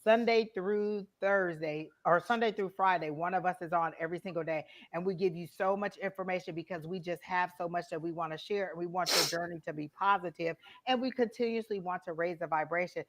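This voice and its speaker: A woman's voice: on the low side, a little fast, few pauses, a little hiss or hum. A woman tarot reader on a live stream, speaking straight to a viewer and asking many questions as she gives a reading.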